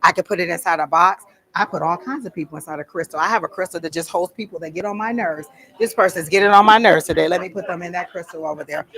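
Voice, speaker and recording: A woman's voice: lowish voice, fast, fairly bright tone. A woman talking informally to a workshop audience at a psychic fair, chatty and conversational, stopping to ask the room for questions.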